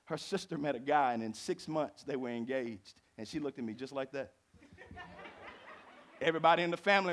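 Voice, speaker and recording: A middle-aged man preaching from the pulpit in a high voice. He drops into low, conversational storytelling, then rises to fervent, ringing exhortation. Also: brisk. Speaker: pastor. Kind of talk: sermon.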